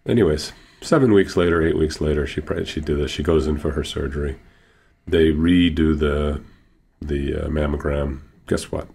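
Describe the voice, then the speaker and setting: A man's voice: very deep voice, moderate pace, vocal fry, a little mellow, breathy edge. A middle-aged man telling healing stories as a guest on a radio interview, earnest and building to emphatic payoffs. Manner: acts out patients' quoted speech. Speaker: healer and guest.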